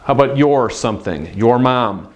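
A man teaching a beginner language lesson in an upbeat way, drilling words slowly and repeating each one. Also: mid-range voice, animated. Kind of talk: classroom-style language lesson.

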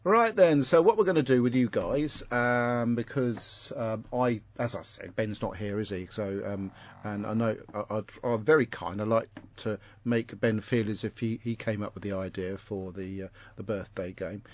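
A man's voice: fairly low pitch, moderate pace. Rambling southern English man, dull lo-fi sound. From Isle of Wight. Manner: rambling, self-correcting, chatty. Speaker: podcast host. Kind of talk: casual chat. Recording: dull lo-fi home recording.

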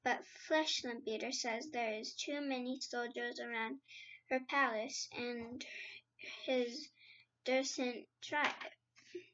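A woman reading the part of a big, gentle male giant who talks in slow, muddled grammar and made-up words. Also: fairly high pitch, steady tone, a little hiss or hum. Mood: gossipy. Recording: slightly dull lo-fi sound.

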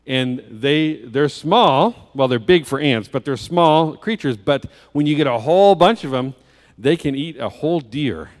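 A man preaching as a guest speaker, telling a children's story in a church sanctuary with vivid detail and rhetorical questions. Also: mid-range voice. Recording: long church hall reverb.

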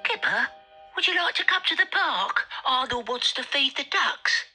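A woman's voice: sits high, animated, normal speed, pushed and bright, heavily acted. A woman voicing a friendly, eager pig puppet, with faint music behind.

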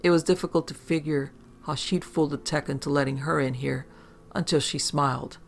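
A male storyteller reads a first-person supernatural tale in a wry, conversational manner, dropping profane asides along the way. His voice sits slightly higher than most men's and carries a persistent gravelly fry. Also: fairly even intonation, a little fast. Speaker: horror story narrator. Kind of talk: first-person scripted horror narration.

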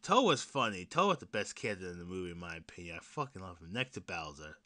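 A young man talks through his solo podcast in a bright, forward voice with lots of bounce in his pitch. He rambles, laughs, restarts sentences and curses freely. He swings from excited outbursts to mumbled asides. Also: fast talker. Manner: rambling, laughing, swearing, with many restarts and sudden loud bursts; excited fan talk that drops to mutters and whispers. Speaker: podcast host. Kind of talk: casual solo podcast chat.

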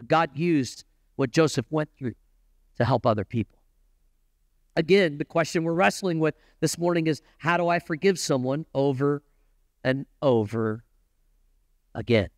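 A man with a high-pitched voice preaching a sermon. He swings from relaxed, conversational asides up into fervent, emphatic peaks. The sound is close and dry, with no room echo. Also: unhurried, pauses often. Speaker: pastor.

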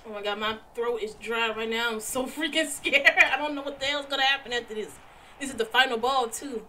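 Bright, jumpy Southern woman gamer. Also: a little high, a little fast, slight background noise. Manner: jumpy, exclaiming, talking back to the game. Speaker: gaming channel host. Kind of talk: horror game let's play, reacting.

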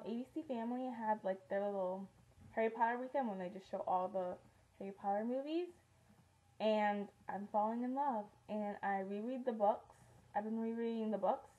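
A woman's voice: on the high side, mellow, dull audio. A teenage girl chatting through a casual beauty favorites vlog, rambling with lots of ums and likes. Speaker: beauty vlogger.

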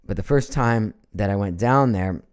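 A middle-aged man from Ohio hosting a casual live stream at home, chatty and animated, reading out viewer comments with frequent laughs. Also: fairly low pitch, normal speed, clean tone. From Ohio, USA.

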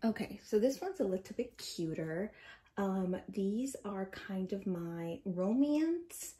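A woman's voice: mid-range voice, animated, slow pace, warm tone. A young woman in her twenties chatting casually through a tour of her bookshelves, rambling with plenty of fillers and a little out of breath. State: slightly out of breath. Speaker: book vlogger.

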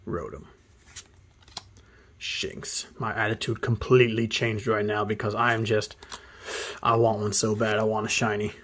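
A man casually commenting while he opens trading card packs, excitable and often muttering card names half under his breath. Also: lowish voice, unhurried, pauses often. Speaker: card opening channel host. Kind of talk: casual pack opening commentary.

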